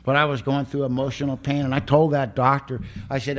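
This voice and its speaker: A man's voice: medium pitch, flat delivery, brisk, fairly bright tone. Older man telling his recovery story plainly. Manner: plain-spoken, emotional storytelling with rough humor. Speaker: recovery meeting speaker. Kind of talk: personal recovery testimony.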